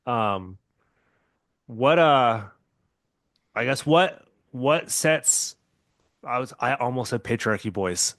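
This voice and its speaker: A man's voice: mid-range voice, expressive, takes it slowly, long pauses, a bit bright, dry recording, clean studio sound. A male podcast host with a mixed Southern Californian and Pacific Northwest accent, talking casually and hesitantly, often restarting and laughing easily. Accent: Southern Californian and Pacific Northwest blend. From US West Coast.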